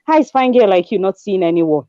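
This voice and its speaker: A woman in her twenties with a Nigerian accent, telling her story in an animated way as a guest, acting out dialogue and mixing in pidgin. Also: medium pitch, a little fast, no echo, muffled recording. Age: 20s. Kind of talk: conversational testimony.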